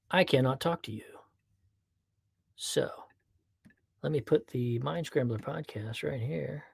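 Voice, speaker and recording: A man hosting his own podcast, chatting casually with viewers before he records, then talking in a playful, animated way. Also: mid-range voice, takes it slowly, vocal fry, pauses often, slightly rough, no room sound, studio quality. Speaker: podcast host. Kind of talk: casual livestream chat and podcast monologue.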